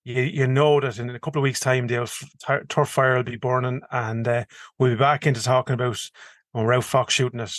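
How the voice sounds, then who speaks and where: A young man from County Kildare with a thick Kildare Irish accent, talking fast and rambling in casual podcast chat, swearing now and then. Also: medium pitch, flat delivery, dry recording. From Ireland. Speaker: podcast co-host.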